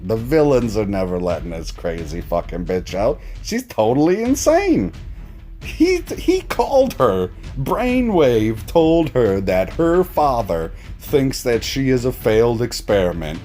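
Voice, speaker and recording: Animated, foul-mouthed male TV recapper. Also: lowish voice. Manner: profane, mocking and animated. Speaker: TV reaction reviewer. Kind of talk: casual episode recap.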